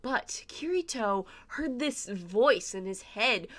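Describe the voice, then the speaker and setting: A young woman hosting a casual anime review video, bubbly and excitable, giggling and acting out her own reactions as she talks. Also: medium pitch, takes it slowly. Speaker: anime reviewer, channel host.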